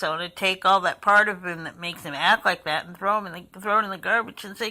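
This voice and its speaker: A woman's voice: on the low side, fairly even intonation, fast, hardly any pauses, pushed and bright, poor audio. A woman talking in an emotional, heartfelt personal vlog, rambling and sighing now and then. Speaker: vlogger.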